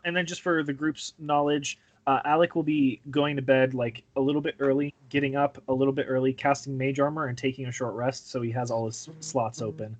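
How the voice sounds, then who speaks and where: A man's voice: mid-range voice, level tone, a little fast, hardly any pauses. Man patiently coaxing in a tabletop game. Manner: patient, coaxing, talks as if to a child. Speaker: player. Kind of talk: casual tabletop game chat and in-character talk.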